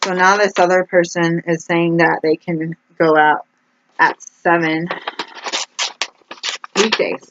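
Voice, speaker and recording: A woman's voice: on the low side, little pitch movement, slow, pauses often, a bit bright. A woman rambles casually to her viewers, sliding from one thought into the next and padding her sentences with "like." The recording sounds dull and lo-fi, with a faint hiss underneath. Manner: chatty, meandering, heavy use of "like". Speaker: vlogger.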